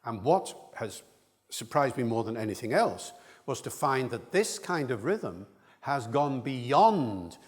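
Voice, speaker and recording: A man giving a public lecture, acting out the rhythms of speech to illustrate his points. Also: medium pitch. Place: large lecture hall. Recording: long hall reverb.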